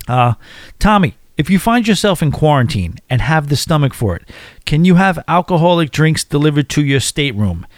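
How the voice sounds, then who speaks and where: A man's voice: mid-range voice, dry recording, studio quality. A man hosting a casual podcast, rambling and chatty as he answers listener questions. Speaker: podcast host.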